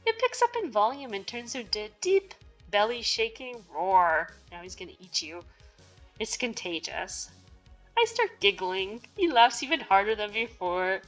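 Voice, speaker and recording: A woman's voice: mid-range voice, very animated, moderate pace, fairly bright tone, faint music behind. A woman reading a visual novel game aloud, with joking asides and giggles between the narrated lines. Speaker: game streamer.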